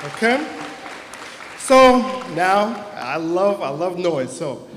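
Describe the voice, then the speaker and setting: High-voiced young man in an echoey hall. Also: big pitch swings, slow, a bit bright, some chatter behind, slight background noise. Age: young adult. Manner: earnest, heartfelt, emotional at times. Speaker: class president giving a graduation speech. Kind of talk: prepared graduation speech. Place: large hall or auditorium. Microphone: microphone on a stage. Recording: echoey hall with long reverb.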